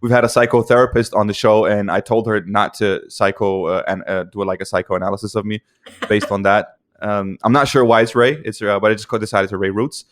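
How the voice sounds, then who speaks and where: A man's voice: on the low side, fairly even intonation, brisk. A man from Denmark co-hosting a podcast, chatting casually and joking with laughs. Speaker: podcast co-host. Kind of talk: casual chat.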